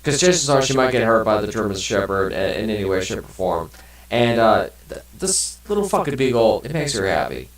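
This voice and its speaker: A man's voice: lowish voice, big pitch swings, brisk, roomy sound, recorded from a distance, low-quality recording. A man casually commenting on a game and reading its text aloud, rambling and swearing now and then. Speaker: let's play gamer.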